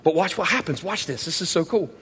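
A male pastor preaching a sermon in a large church auditorium, animated and emphatic, often asking the crowd questions. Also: sits high, fast talker, slightly rough. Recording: long hall reverb.

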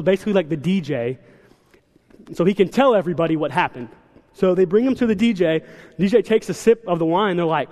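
A young man preaching a sermon in a church, telling stories with quick, animated asides. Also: high voice. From South Carolina. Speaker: church speaker. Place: large church hall. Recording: long hall reverb.

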